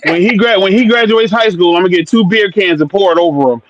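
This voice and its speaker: A man's voice: sits high, fast, highs cut off, a loud crowd. A man speaking as a guest in a casual podcast chat, joking and playful. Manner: joking, playful, self-mocking.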